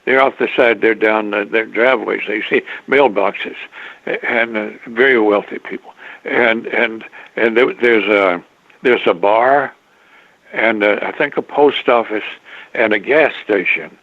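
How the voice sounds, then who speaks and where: Over a dry, tinny phone line, an older man being interviewed tells a long, rambling story in a lowish voice, halting and restarting often and chuckling now and then. No echo.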